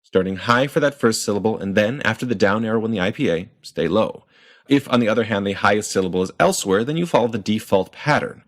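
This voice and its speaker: A man explaining pronunciation in a clear, methodical lesson and sounding out example words. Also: on the low side, animated, fast talker. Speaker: language teacher.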